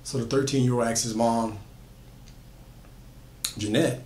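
A man's voice: mid-range voice, fairly even intonation, a little slow, darkish tone, a little hiss or hum. A man retelling a horror story in a loose, conversational way, with frequent fillers and restarts. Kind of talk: casual spoken horror storytelling. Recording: echoey room.

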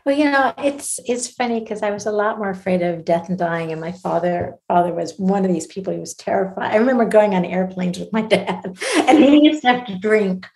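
A woman's voice: mid-range voice, steady tone, fairly quick, vocal fry, hardly any pauses, darkish tone, low-quality recording. A middle-aged woman talking reflectively in a casual interview, laughing often as she shares personal stories. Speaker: guest, near-death researcher.

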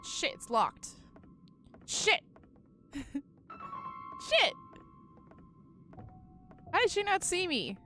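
A young woman plays a horror game on her channel, her high voice swinging wildly between lows and shrieks. She breaks into nervous laughter and curses, and her tone stays bright and cutting. Faint music sits under her voice. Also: very animated, very slow, pauses often. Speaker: gaming video host. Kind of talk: horror game let's play commentary.

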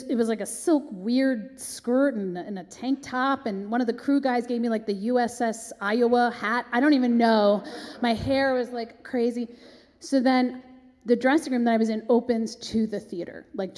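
A woman's voice: fairly high pitch, darkish tone. Chatty woman storyteller in an echoey hall. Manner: chatty, breathless, acts out voices. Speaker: guest performer. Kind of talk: animated storytelling. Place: synagogue hall. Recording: echoey hall, long reverb.

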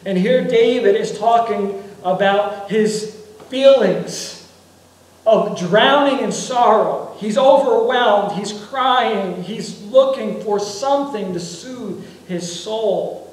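High-voiced pastor preaching slowly in an echoey church. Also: male voice, distant mic. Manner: earnest preaching with frequent repetitions and restarts. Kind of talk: sermon. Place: church sanctuary.

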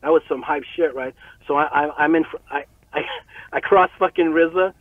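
Guy on a phone-ish line, pretty high voice, dead dry, all hyped telling stories. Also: moderate pace, dry recording, phone-quality sound. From Canada. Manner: excited, swearing, laughing, acts out quotes. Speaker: guest. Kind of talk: casual storytelling interview.

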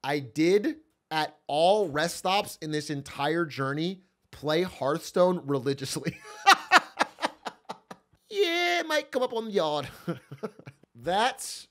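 Animated young man telling a story. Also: on the high side, takes it slowly, pauses often. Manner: animated, profane, laughing often. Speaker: streamer. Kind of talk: casual storytelling to stream chat.

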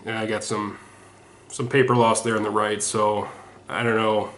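A man presents his sports autograph collection, including mail returns, in a casual home video, rambling and self-deprecating with lots of ums and restarts. His fairly low, fairly bright voice barely changes pitch, moves at normal speed, and sounds hoarse and sweaty. Faint noise and echo fill the room.

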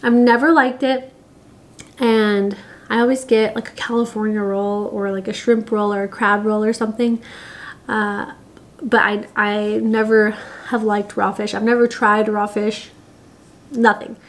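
A woman's voice: medium pitch, flat delivery, a little slow. A pregnant young woman talking casually to camera, chatty and giggly, with lots of fillers. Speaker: vlogger.

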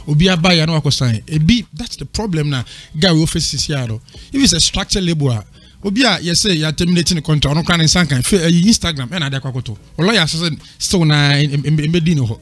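A man arguing his point on a talk panel, his voice pitched high for a man. He rambles and stumbles over repeated syllables, with faint music behind him. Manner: rambling, stammering restarts. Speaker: panel guest. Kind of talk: casual opinionated debate.

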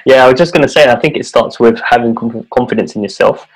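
A man's voice: medium pitch, fast talker, breathy edge, poor audio. A man hosting a podcast interview, talking in an earnest, casual way and often repeating his words as he builds a point. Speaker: podcast host.

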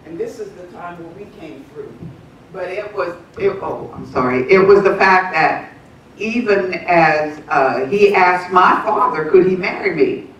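A woman in her seventies, soft-spoken, chiming in from the congregation during a church service. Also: fairly low pitch, a little slow. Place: church sanctuary. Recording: echoey, muffled, distant church room.

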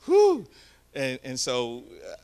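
A man preaching a storytelling sermon, swinging from hushed asides to loud shouts. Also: medium pitch, huge pitch swings, slow pace. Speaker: guest preacher. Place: church sanctuary.

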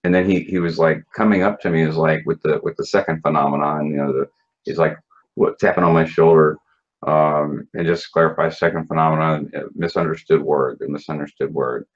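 A man's voice: a bass voice, fairly even intonation, a little fast. A man recounting his experiences in a casual interview, blunt and profane, with many fillers and restarts. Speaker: interview guest. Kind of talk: casual recounting of personal story. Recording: dull lo-fi sound.

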